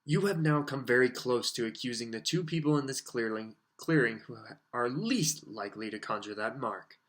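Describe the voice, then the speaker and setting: A man's voice: medium pitch, normal speed, fairly bright tone, close to an everyday voice. Icy senior official, cold anger in every word, proud and severe, guy reading it.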